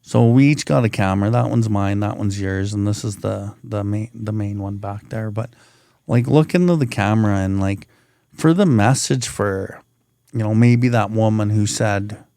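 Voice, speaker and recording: A man's voice: lowish voice, normal speed, vocal fry, warm tone, no echo, clean studio sound. A man hosting a recovery podcast in laid-back casual chat, calling his guest bro. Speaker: podcast host.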